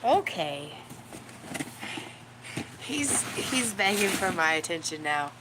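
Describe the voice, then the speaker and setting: A woman with a lowish, very animated voice speaks slowly as she hosts a casual live chat from home. She rambles to her viewers and coos baby talk at her dog, and the recording is full of loud background noise and barking.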